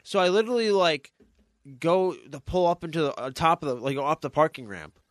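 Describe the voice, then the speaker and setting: A man's voice: on the high side, brisk, no echo, studio quality. Rambling young man telling a story. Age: young adult. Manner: rambling storyteller with many restarts. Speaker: podcast host. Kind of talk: casual chat.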